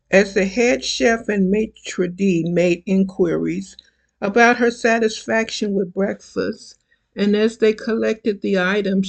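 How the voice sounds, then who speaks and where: An author in their seventies reading their own fiction aloud, taking each phrase slowly and carefully. The voice has a gravelly, creaky texture and a measured, unhurried delivery. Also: mid-range voice. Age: 70s. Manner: slow, deliberate, careful reading. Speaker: self-published author. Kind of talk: reading own novel excerpt.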